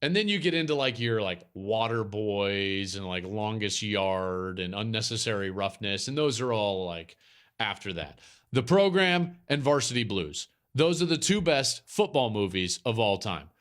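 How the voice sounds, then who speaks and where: A man's voice: fairly low pitch, animated, moderate pace, a bit bright. A man hosting a football podcast, talking in a casual, emphatic way and repeating his points for effect. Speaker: podcast host. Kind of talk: casual chat.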